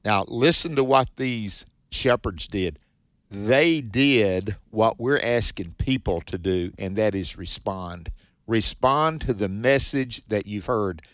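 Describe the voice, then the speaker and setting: A man's voice: fairly low pitch, no echo, clean studio sound. Emphatic man teaching scripture on radio. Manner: warm-hearted, emphatic, reads scripture then comments quickly. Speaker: radio Bible teacher host.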